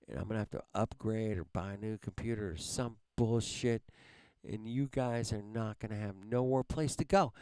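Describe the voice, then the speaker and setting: Male livestream host, heated profane rant, smooth clear voice, dry close sound. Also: mid-range voice, darkish tone, no echo. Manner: heated, heavily profane, repeats "man". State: angry. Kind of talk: angry livestream rant at viewers.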